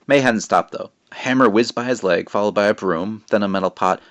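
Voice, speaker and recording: A man, the author, reading his children's book aloud with lively narration. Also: fairly low pitch, fairly quick.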